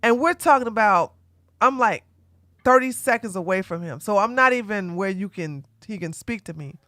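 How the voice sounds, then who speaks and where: A woman hosting her own channel, telling a casual story to her audience in an animated way and laughing often as she talks to the ladies. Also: mid-range voice, moderate pace, no room sound. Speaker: commentary channel host.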